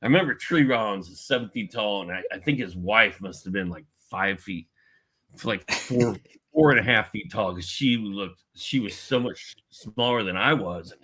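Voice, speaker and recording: With a lowish voice that's pushed, bright and slightly rough, a middle-aged man from Indiana, USA, speaks at normal speed. As a guest in a casual podcast chat, he animatedly tells a personal story and plays out the voices he quotes.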